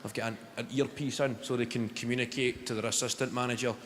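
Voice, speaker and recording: A man with a Glaswegian Scottish accent performing a stand-up comedy routine, telling dry stories that break into shouted impressions. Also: medium pitch, fast. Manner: deadpan storytelling that bursts into shouted impressions. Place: large theatre stage. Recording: live theatre with long reverb, audience noise. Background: audience laughter.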